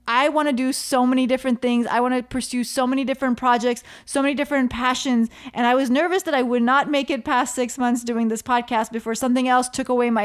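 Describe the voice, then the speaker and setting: High-voiced woman hosting a podcast. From Canada. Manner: animated storytelling, repeats phrases for emphasis. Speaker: podcast host. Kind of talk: solo podcast monologue.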